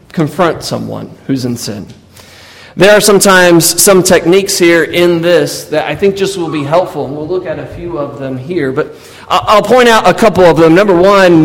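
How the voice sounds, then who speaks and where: A man preaching a sermon, reading scripture and acting out the people in it with raised, emphatic voices. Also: high-pitched. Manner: reads scripture, then acts out the speakers in raised voices. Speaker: pastor. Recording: long hall reverb.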